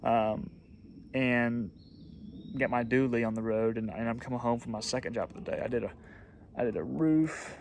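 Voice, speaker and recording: A man's voice: medium pitch, normal speed, gravelly, a little mellow, a little hiss or hum. A young man, talking casually to camera as a small-business owner, rambling and repeating himself with frequent ums. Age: young adult. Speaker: pressure washing business owner. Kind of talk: casual storytelling vlog.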